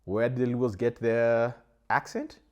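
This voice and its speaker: A man hosting his own channel, explaining in a casual way, checking in with the listener through "yeah?" and pausing on "uh" fillers. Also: mid-range voice, fairly even intonation, a little mellow, highs cut off. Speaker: channel host.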